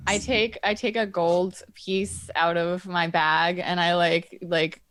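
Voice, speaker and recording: A woman's voice: lowish voice, fairly even intonation, slow pace, fairly bright tone. A woman playing a tabletop game, playfully describing what her character does. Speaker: player. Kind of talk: tabletop role-play.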